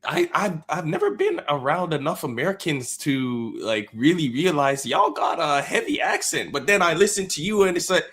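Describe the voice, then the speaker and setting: A man from Canada co-hosting a sports podcast, laid-back and quick to laugh. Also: on the high side, huge pitch swings, a bit bright. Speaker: podcast co-host. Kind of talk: casual sports chat.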